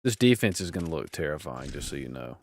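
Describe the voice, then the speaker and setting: A man's voice: rumbling low, big pitch swings, quick pace, slight background noise. A man in casual gaming chat with friends, teasing and trash-talking, stumbling over his words now and then. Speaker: gamer streaming with friends.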